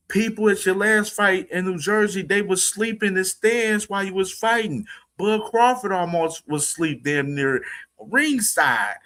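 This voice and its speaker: Laughing, slangy boxing stream host. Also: male voice, high voice, fairly bright tone. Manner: laughs a lot, slangy and profane, talks to chat. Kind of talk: casual live-stream commentary.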